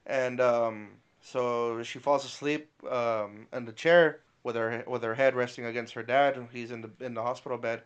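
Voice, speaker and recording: A man's voice: medium pitch, clean tone, muffled recording. A man retelling a story in casual podcast chat, swearing freely and getting emotional. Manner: animated, swears a lot, gets emotional. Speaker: podcast co-host.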